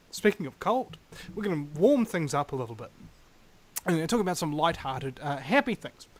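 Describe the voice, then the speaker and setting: Kiwi guy hosting a radio show, a bit high voiced, rambly and animated, lots of ums. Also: normal speed. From New Zealand. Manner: rambling, animated, many fillers. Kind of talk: casual radio talk. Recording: radio broadcast.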